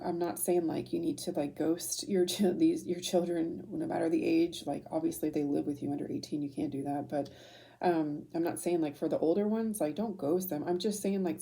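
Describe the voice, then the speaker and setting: A woman's voice: fairly low pitch, dark tone. A woman in her thirties giving a rambling, emotional tarot reading, choked up and full of fillers and restarts. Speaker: tarot reader. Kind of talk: casual intuitive reading.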